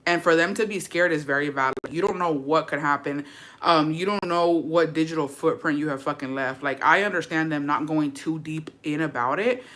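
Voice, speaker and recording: Speaking to camera in a relaxed chat, this young female vlogger has a low-sitting voice with a fairly bright tone. Her talk is full of slang and swearing, sprinkled with Spanish.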